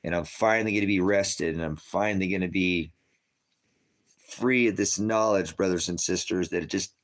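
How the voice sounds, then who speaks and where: A man's voice: low-pitched, moderate pace. An older man giving an emotional, rambling spiritual testimony, laughing and tearing up as he preaches. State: tearful.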